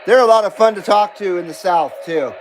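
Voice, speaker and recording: A man hosting a CB radio livestream, chatting casually and reading out viewer comments in a laid-back, drawn-out way. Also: sits high, poor audio. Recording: steady background noise.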